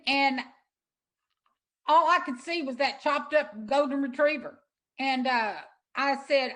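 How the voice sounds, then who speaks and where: Middle-aged woman guest, earnest storyteller, stumbles and repeats, a touch high. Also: fairly bright tone, low-quality recording. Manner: earnest, halting, repeats words when moved. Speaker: interview guest, sanctuary owner. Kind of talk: emotional storytelling in an interview.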